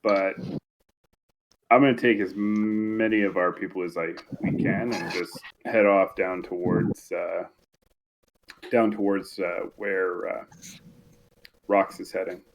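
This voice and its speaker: A man's voice: deep voice, steady tone, takes it slowly, gravelly, pauses often, background noise. A man playing a tabletop game, talking casually and hesitantly with many fillers. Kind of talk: casual chat.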